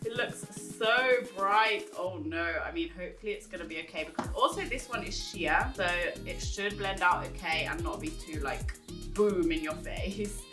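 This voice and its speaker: A chatty woman with a lowish voice reviews makeup in a casual, giggly ramble full of fillers. She sits some distance from the mic in an echoey room. Music plays clearly underneath her voice. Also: moderate pace. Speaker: beauty vlogger. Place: indoors at a table, echoey room.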